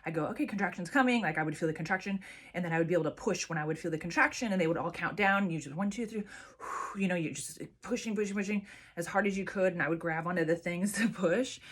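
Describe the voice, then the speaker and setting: A woman's voice: fairly low pitch, quick pace, a bit bright, husky. A woman vlogger chatting casually to camera and telling a personal story with lots of fillers and restarts.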